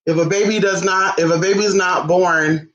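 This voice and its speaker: A man's voice: high voice, fairly even intonation, moderate pace, fairly bright tone, lo-fi sound. A man hosting a live-stream ritual tutorial, flamboyant and sassy, calling everyone honey and chatting back to his viewers. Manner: chatty, answers viewer comments. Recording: echoey room.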